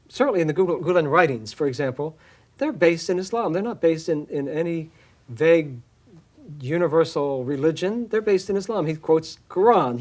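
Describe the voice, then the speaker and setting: A church minister giving a reflective interview answer, speaking haltingly with frequent restarts and fillers. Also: male voice, a little high, a little mellow.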